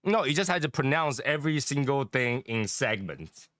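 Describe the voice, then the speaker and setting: A man's voice: medium pitch, very animated, normal speed, a bit bright, no room sound, studio quality. A middle-aged man chatting casually and animatedly, often laughing and imitating accents. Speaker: cigar chat co-host. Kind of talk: casual chat.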